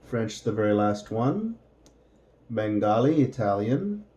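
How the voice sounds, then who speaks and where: A man teaching a beginner English lesson, drawing out example phrases slowly and clearly so learners can repeat them. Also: on the low side, big pitch swings, mellow, lo-fi sound.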